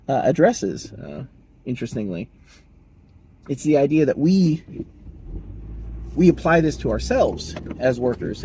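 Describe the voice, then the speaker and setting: Rambling man with a mellow voice. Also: medium pitch, husky, low-quality recording. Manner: rambling, self-correcting, chuckling, mock dialogues in raised voice. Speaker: podcast host. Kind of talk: casual solo talk.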